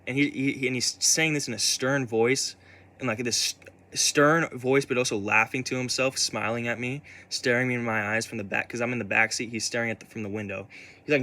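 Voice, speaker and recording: A man's voice: medium pitch, brisk, sharp tone. A young man telling a personal story in a casual way. He stumbles, restarts and repeats himself often, swears, and sounds upset. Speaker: vlogger.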